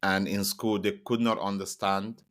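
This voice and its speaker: A young man co-hosting a casual podcast chat, relaxed, with stammering restarts. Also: on the low side, normal speed. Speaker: podcast co-host.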